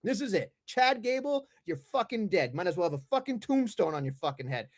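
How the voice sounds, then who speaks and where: A podcast co-host ranting heatedly about wrestling, swearing in nearly every line. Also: male voice, high-pitched, sing-song, brisk. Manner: swears constantly, heated rant. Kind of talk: profane ranting wrestling talk.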